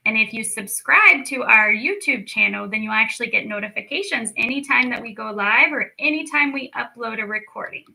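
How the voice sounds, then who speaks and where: A woman leading a children's storytime lesson, speaking slowly and clearly with encouraging teacher talk. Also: a little high, bright, forceful tone, rough recording. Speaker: speech clinic storyteller.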